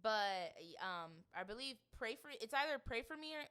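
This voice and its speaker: A woman's voice: on the high side, moderate pace, clear, resonant tone. A woman hosting a podcast, talking casually and rambling with lots of fillers. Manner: rambling, filler-heavy, animated. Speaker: podcast host. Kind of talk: casual chat.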